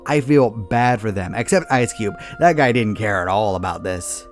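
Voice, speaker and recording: A man's voice: fairly low pitch, moderate pace, faint music behind. A man giving a scripted comedic movie review, talking in a sarcastic and exasperated way as he tears into a film.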